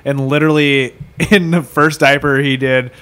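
A man's voice: medium pitch, steady tone, moderate pace, fairly bright tone, smooth. A man in his thirties in a casual podcast chat, joking and teasing the others. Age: 30s. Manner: teasing, trolling banter.

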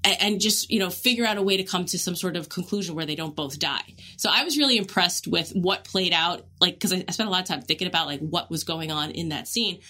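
A woman's voice: fairly low pitch, quick pace, hardly any pauses, sharp tone. A woman co-hosting a podcast, analysing in long connected thoughts in a casual way. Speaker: podcast co-host. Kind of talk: casual chat.

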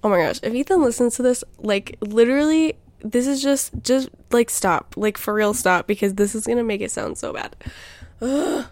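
A woman's voice: on the high side, moderate pace, darkish tone, dry recording. A young woman hosting her own podcast, chatting casually and rambling through a personal update with lots of fillers and restarts. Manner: rambling, self-interrupting, filler-heavy. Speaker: podcast host.

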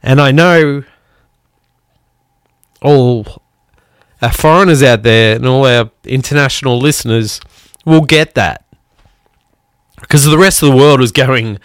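A man's voice: medium pitch, smooth, no echo, clean studio sound. A musician hosting a podcast, a man from outside the United States, talking bluntly with lots of swearing and heavy sighs. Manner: blunt, swearing, sighing pauses. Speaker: podcast host. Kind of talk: angry podcast monologue.

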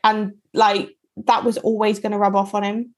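A woman's voice: mid-range voice, level tone, normal speed. Supportive woman co-host, casual chat. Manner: supportive, uses lots of "like". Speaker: podcast co-host.

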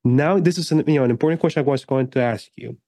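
A man hosts a podcast interview in a mellow, warm-toned voice, pausing and hedging as he builds his questions. His mid-range voice is recorded close and dry. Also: medium pitch, no echo. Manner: measured, halting questions with fillers. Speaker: podcast host.

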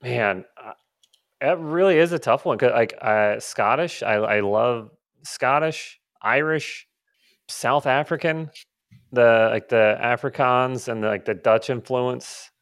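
A podcast co-host, a man with a medium-pitched, slightly bright voice, chats casually and slowly, rambling with plenty of fillers and restarts. The studio recording is clean with no room sound.

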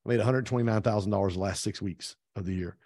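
Lively middle-aged male storyteller, low voice. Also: fast talker, no echo, studio quality. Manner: animated storyteller who acts out quoted dialogue. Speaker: podcast guest, real estate team owner. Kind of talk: casual storytelling interview.

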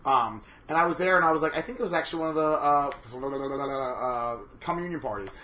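A man co-hosting a chat show, telling stories in an animated, campy and profane way. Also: a little high, a little fast, roomy sound. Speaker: podcast co-host. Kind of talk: casual chat.

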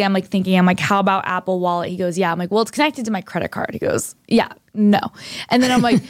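A woman's voice: medium pitch, no echo, studio quality. A young woman co-hosting a podcast, telling a story in casual chat and acting out both sides of the conversations. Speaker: podcast co-host.

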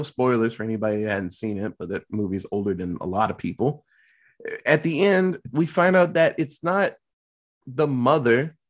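A podcast host giving a casual, profane movie review, telling scenes in an animated way. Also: medium pitch.

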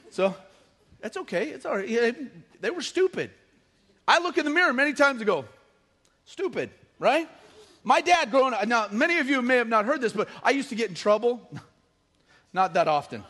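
A man's voice: high-pitched, animated, normal speed, a bit bright. A middle-aged male pastor preaching a casual, joking sermon and acting out quotes from the story.

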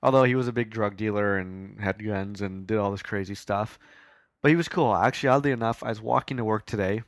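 A man's voice: on the low side, a little fast, no echo. A man with a Canadian accent hosting a podcast, chatting casually and rambling about songs with self-mocking asides. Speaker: podcast host.

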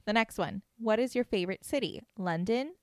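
A young woman chatting casually as co-host, giggly and quick to laugh. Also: mid-range voice, no echo, studio quality. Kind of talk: casual chat.

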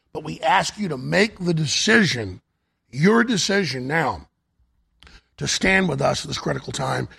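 Hoarse male talk show host, gravelly and raspy, pushy on-air sales pitch. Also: fairly bright tone. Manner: urgent, repetitive sales pitch. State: hoarse, voice nearly gone. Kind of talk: on-air fundraising and product pitch.

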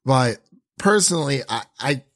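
A man's voice: mid-range voice, expressive, normal speed, fairly bright tone. A man hosting a casual film review chat, hesitant, with many ums and restarts. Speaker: podcast host.

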